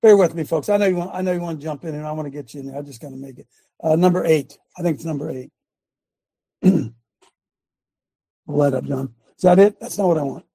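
A man with a high, gravelly voice hosts a live show and talks like a preacher, pressing every point hard. His tone has a husky edge. The sound is dry and close, with no room echo. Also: fast, long pauses, mellow. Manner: emphatic, preacher-like, directs a producer aloud. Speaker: host.

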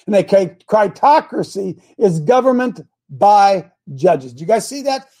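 A husky man who coaches on a Christian talk show preaches fiery, sermon-style talk to viewers, hammering each point slowly and emphatically. He repeats key words slowly and calls his helpers by name, his high voice expressive yet mellow.

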